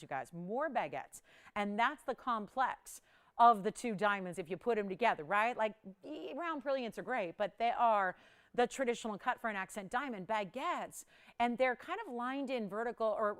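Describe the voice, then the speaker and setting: A woman with a fairly high, smooth and clear voice hosts a live shopping broadcast. She talks up rings with chatty urgency and counts prices down to push viewers to call in. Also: expressive, moderate pace. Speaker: home shopping host. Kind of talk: live home-shopping sales pitch.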